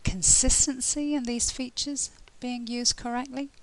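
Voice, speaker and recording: English woman teaching pronunciation clearly. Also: on the high side, fairly even intonation, poor audio. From England. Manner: clear, deliberate teaching delivery, slowing down to spell out examples. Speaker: IELTS tutor. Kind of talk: pronunciation lesson.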